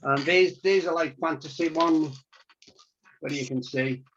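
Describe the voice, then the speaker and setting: A man's voice: a little high, measured pace, a bit bright, a little hiss or hum. A man, an illustrator, telling a long chatty anecdote over a video call and acting out the voices of the people in it. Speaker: storyteller and illustrator. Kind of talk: casual storytelling on a video call. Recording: dull lo-fi video call audio.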